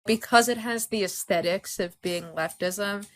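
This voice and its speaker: A woman co-hosting a podcast, commenting in an animated, sarcastic way during a political discussion. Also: medium pitch, unhurried. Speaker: podcast co-host.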